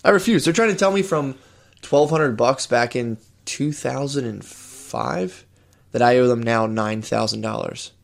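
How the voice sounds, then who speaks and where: A young man in casual chat, telling rambling, profane stories with quick wit. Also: medium pitch, very animated, gravelly. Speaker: storyteller.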